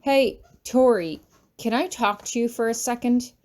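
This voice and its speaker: A woman's voice: on the high side, unhurried, darkish tone, close to an everyday voice. An earnest young woman student, as a narrator reads her aloud in a storybook. She speaks urgently and pleads to be heard, in a voice close to the reader's own.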